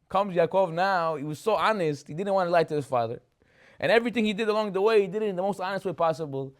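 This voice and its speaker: A rabbi giving a chatty Torah class, telling the stories with animation, acting out the characters and asking rhetorical questions. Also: male voice, sits high, quick pace.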